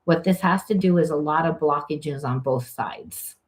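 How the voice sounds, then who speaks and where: A woman's voice: sits low, moderate pace. A woman spiritual coach giving a candid, emphatic spiritual reading, swearing freely and acting out the voices she quotes. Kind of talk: spiritual card reading monologue.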